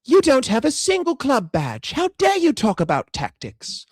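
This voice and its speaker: A man putting on a furious male football fan in a mock Scottish accent, shouting insults indignantly. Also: very high voice, wildly swooping pitch, normal speed, husky, dry recording, clean studio sound, voice pushed up, full character voice.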